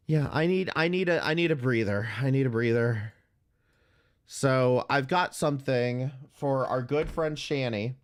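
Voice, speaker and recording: A man's voice: mid-range voice, a little slow, clean tone. A man hosting a livestream commentary, ranting furiously with heavy profanity and stammering restarts when worked up. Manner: furious, heavily profane, blunt. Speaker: streamer host.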